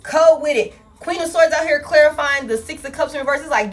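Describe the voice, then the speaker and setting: A tarot reader with a high voice speaks a little fast and pauses rarely, soft music playing behind her. She addresses viewers as "y'all" in a casual, frank, foul-mouthed way.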